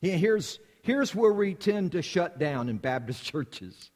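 A man's voice: sits high, sing-song, slow, darkish tone, in a large hall. A man from the United States preaching a sermon as a missionary, with an emphatic, repetitive cadence.

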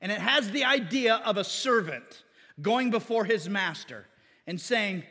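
A man's voice: high voice, lively intonation, measured pace, sharp tone, husky, big-room sound. A man preaching as pastor, often calling for an amen from the congregation. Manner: call-and-response asking amen. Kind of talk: sermon.

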